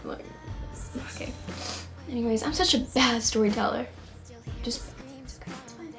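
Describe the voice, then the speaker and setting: Tearful high-voiced woman with a drawl. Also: fairly bright tone, faint music behind. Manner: rambling, halting, many trailing restarts. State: tearful, on the edge of crying. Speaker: singer-songwriter vlogger. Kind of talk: emotional personal storytelling to camera.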